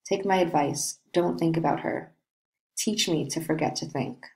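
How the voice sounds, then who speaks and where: A woman reading the part of a brooding, lovesick young nobleman in a play, in a slow, dreamy way. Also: deep voice, vocal fry, a little mellow, poor audio.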